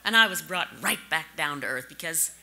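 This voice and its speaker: Bright-voiced American woman giving a speech. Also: deep voice, lively intonation, brisk, slight background noise. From St. Louis, USA. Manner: direct, anecdotal, conversational. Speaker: conference speaker. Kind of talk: conference speech.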